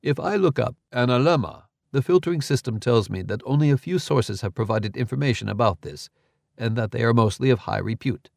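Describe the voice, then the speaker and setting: A man reading a calm, lecturing scholar. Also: medium pitch, a little fast, creaky, dry recording, studio quality. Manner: matter-of-fact, explanatory.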